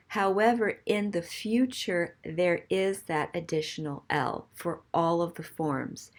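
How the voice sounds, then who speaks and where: Patient woman teaching a grammar lesson. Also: low voice. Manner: patient, explains step by step with frequent "okay?". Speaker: French teacher.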